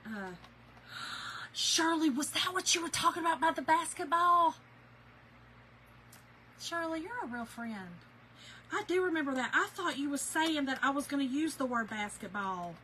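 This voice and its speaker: A woman with a drawl chats with her livestream audience in an animated, storytelling way. Her voice is bright and sits a little high. Faint room noise hums in the background. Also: normal speed, long pauses, poor audio. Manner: chatty, animated storyteller, laughs often. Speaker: craft channel host. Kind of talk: casual livestream chat with viewers. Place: home.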